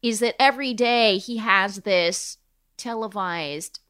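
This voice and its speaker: A woman hosting a comedy podcast in casual chat, animated and self-mocking, tripping over her own words. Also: medium pitch, slow, clean tone, no room sound, studio quality. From United States. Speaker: podcast host. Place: New York.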